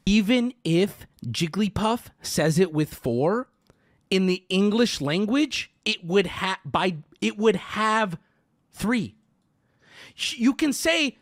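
Male streamer, lively swooping delivery, sarcastic and profane, arguing with his chat. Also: sits high, slow pace. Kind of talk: live-stream rant to chat.

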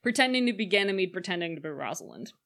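A young woman co-hosting a casual chat about a film, opinionated and quick to act out the characters' lines. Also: lowish voice, sing-song, creaky, fairly bright tone. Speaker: podcast co-host.

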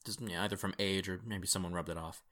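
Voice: deep voice, steady tone, fast talker, fairly bright tone. A game master casually narrating a tabletop role-playing game, laughing often.

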